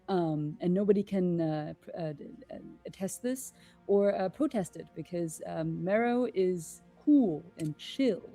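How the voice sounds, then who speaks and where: A woman's voice: fairly low pitch, normal speed, mellow, soft background music. A woman playing a tabletop game, describing her character's actions casually and with many fillers. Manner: hesitant narration with many fillers. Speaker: player.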